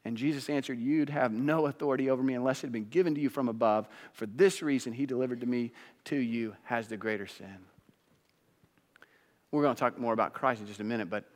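Male pastor, sermon, dramatic swings from hushed to loud, mid-pitched voice, long hall reverb. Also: fairly quick.

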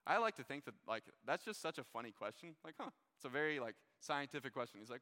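A man's voice: mid-range voice, fast, hardly any pauses. Young man preaching in a reverberant hall. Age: young adult. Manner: relaxed and conversational, many fillers. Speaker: pastor. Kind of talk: casual sermon to a live audience. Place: church hall with a live audience. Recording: long reverb of a large hall.

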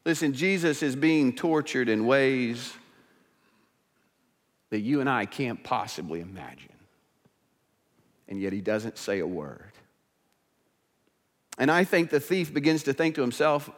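A male pastor delivering a sermon in a church, earnest and swinging between emphatic and hushed. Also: medium pitch, lively intonation, a little slow, pauses often. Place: church sanctuary. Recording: church hall reverb.

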